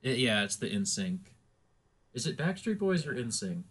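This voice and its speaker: A man's voice: mid-range voice, big pitch swings, moderate pace, a bit bright, slightly rough. A man co-hosting a podcast in casual chat, rambling and laughing easily. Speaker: podcast co-host.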